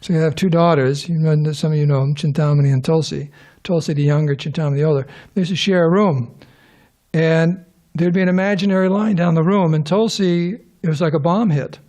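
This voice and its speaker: A man's voice: on the high side, steady tone, fast, vocal fry, a little mellow. A middle-aged man giving an informal scripture class to a live audience in a temple hall, rambling, restarting sentences and tossing questions to the listeners.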